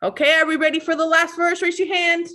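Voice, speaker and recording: A woman's voice: very high-pitched, level tone, a little fast, sharp tone. A woman leading an online children's storytime, cheerfully coaxing young kids through signs and a song and praising them over a video call.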